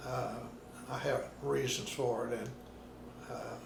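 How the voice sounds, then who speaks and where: Recorded at home in his apartment, in a roomy space with background noise, a retired minister from Arkansas, USA, in his nineties gives an oral history interview. He speaks slowly in a gravelly, mid-range, steady voice, telling stories unhurriedly with pauses.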